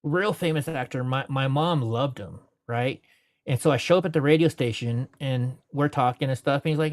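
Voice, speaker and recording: A man's voice: mid-range voice, moderate pace, no echo. A man as an interview guest, telling stories from his life in a rambling, casual way, filling his talk with "you know".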